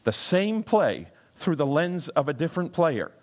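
A man delivering a sermon in a church sanctuary. His voice sits a little high, and he swings from quiet asides to raised, emphatic scripture readings. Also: a little slow, hardly any pauses. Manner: animated preaching with sudden rises in pitch and volume, quoting scripture. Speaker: pastor.

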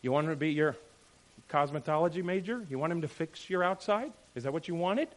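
A man preaching a sermon, animated, firing off rhetorical questions and checking in with "right?". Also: fairly high pitch, brisk. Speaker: pastor.

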